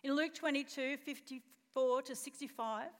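Aussie woman pastor preaching, high voice, storytelling, long church hall echo. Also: normal speed. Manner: expressive storytelling, asks the congregation questions. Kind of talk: sermon. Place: church auditorium.

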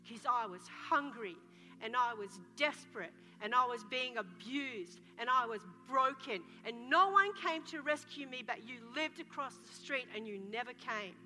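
A wounded, abused person slowly levels an accusation, as a woman preacher puts it on. The voice is high and bright, and it echoes through a big hall over soft music. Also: expressive. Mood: accusing.

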